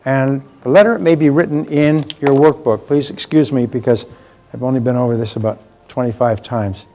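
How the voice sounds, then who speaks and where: A man's voice: medium pitch, steady tone, normal speed, warm tone, faint music behind. A man giving a live motivational seminar talk, emphatic and repeating key phrases for effect.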